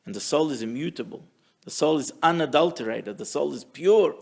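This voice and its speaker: A man teaching a weekly Torah class who tells stories in a lively way and acts out the people in them. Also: fairly high pitch, fairly quick, creaky. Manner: animated storyteller, acts out quotes. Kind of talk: storytelling Torah lesson.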